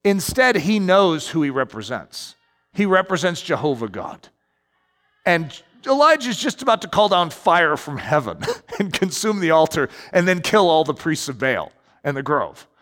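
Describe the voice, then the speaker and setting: A man preaching a sermon as pastor, animated, with sudden emphatic rises in his delivery. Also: fairly high pitch, moderate pace. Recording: long hall reverb.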